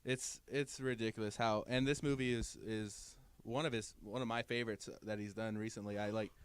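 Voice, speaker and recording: A man's voice: lowish voice, fairly even intonation, normal speed, clear, resonant tone, dry recording. A man co-hosting a casual podcast chat, hesitant and full of fillers and restarts, laughing easily. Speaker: podcast co-host.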